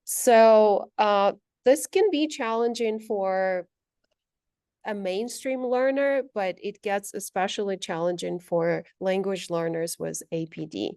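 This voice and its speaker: A woman language instructor giving a measured, explanatory presentation, walking through her slides with frequent pauses. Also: mid-range voice, darkish tone, dry recording, studio quality.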